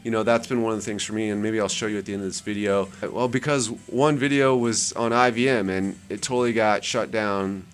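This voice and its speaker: A man's voice: fairly low pitch, brisk, hardly any pauses, smooth. Chatty man rambling over a screen share. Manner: chatty, rambling, repeats words for emphasis. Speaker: channel host. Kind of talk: casual screen-share commentary.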